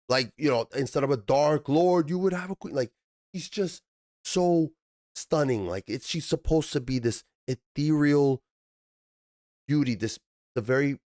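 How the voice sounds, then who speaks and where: A man hosting a TV review channel, ranting in an animated, profane way and jumping up into high, exasperated bursts. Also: no echo, clean studio sound.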